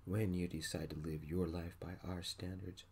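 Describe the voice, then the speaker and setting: A man voicing a harsh, rejecting father who throws his son out, in a low, cold, whispered role-play within an audiobook. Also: level tone, normal speed, darkish tone, breathy edge.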